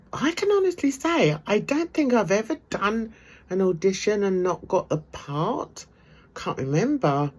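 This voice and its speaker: A middle-aged woman vlogging from her home art room, chatting casually to camera, laughing often and trailing off with ums. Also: mid-range voice. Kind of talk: casual gossipy chat to camera.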